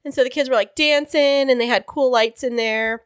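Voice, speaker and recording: A woman's voice: sits high, fairly even intonation, a little fast, clear, resonant tone, dry recording, studio quality. A woman co-hosting a podcast in casual chat, cheerful and teasing. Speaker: podcast co-host.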